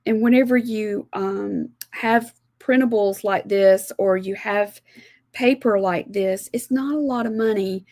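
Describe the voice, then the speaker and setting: A Southern American woman from South Alabama demonstrates watercolor painting live, talking her viewers through each step. Her delivery is slow and unhurried, chatty and homey. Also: mid-range voice, a little mellow, no room sound, studio quality. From South Alabama, USA. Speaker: art instructor.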